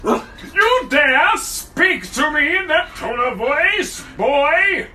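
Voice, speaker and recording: A man shouting excitedly in a comedy clip. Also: very high-pitched, extremely slow, very noisy.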